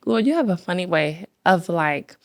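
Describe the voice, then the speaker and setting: A woman's voice: on the low side, expressive, moderate pace. A young adult woman, a podcast guest, telling her story earnestly and reflectively. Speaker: podcast guest, bookstore founder. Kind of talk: casual faith conversation.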